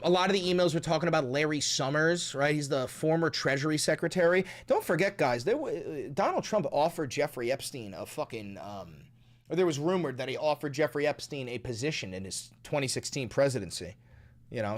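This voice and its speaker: A man hosting a political commentary stream, talking in a profane, excitable way and laughing often. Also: on the high side. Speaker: streamer host.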